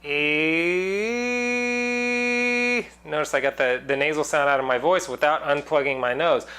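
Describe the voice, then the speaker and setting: A man's voice: mid-range voice, steady tone, a little fast, fairly bright tone. A man teaching singing in a casual online lesson, explaining loosely with many fillers and breaking into sung demonstrations.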